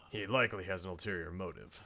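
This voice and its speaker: A man voicing a weary, reflective middle-aged male politician who speaks in a soft, measured and earnest way. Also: low-pitched, pitched below the performer's own voice, heavily acted.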